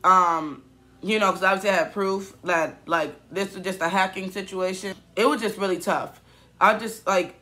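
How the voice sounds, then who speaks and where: A young man in his twenties with a high, bright voice, talking in a casual vlog. He rambles and restarts, sounding shaken and emotional. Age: 20s. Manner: rambling, many fillers and restarts; upset, emotional. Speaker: YouTuber.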